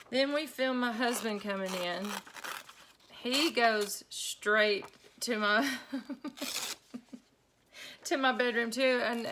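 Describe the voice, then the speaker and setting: A middle-aged woman telling a story casually while she crafts, chatty and quick to laugh, with lots of y'all. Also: medium pitch, a bit bright, a little hiss or hum. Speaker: craft vlogger.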